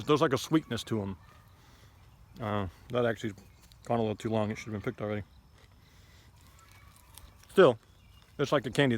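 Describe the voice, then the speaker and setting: Blunt, rambling man on a garden walk. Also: medium pitch. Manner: blunt, opinionated, rambling with frequent fillers. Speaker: homesteading vlogger. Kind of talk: casual ranting garden tour. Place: outdoors in a garden.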